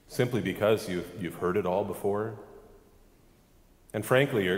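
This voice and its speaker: Pastor, male, emphatic sermon delivery, roomy sanctuary sound. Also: on the low side. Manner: emphatic preaching with rhetorical questions.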